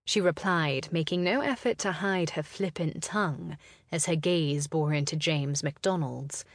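A woman narrating a historical romance audiobook in a measured, expressive way. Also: low-pitched, no echo, clean studio sound.

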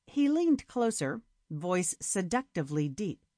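A woman reads a story aloud with lots of melody in her voice. She takes her time over every line. The sound is dry and close, with no room echo. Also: mid-range voice. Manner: unhurried, expressive storytelling. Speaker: narrator. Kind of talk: scripted story narration.

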